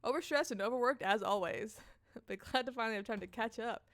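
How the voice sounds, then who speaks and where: A woman voicing a brisk, overworked female campaign manager in a dating game. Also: on the high side, fairly bright tone, no echo, studio quality, lightly acted. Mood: upbeat.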